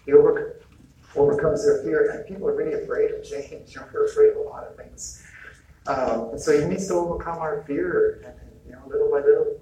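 A man's voice: on the high side, brisk, background noise. A man giving an informal spiritual talk about healing, conversational and chuckling often, acting out bits of dialogue. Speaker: retreat speaker. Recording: echoey hall mic from a distance, faint ambience.

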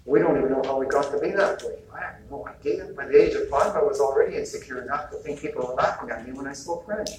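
Speaking quickly and barely pausing, this medium-pitched retreat speaker talks informally about healing, laughing frequently and playing out lines of dialogue. Slight background noise and faint ambience come through a distant, echoey hall microphone.

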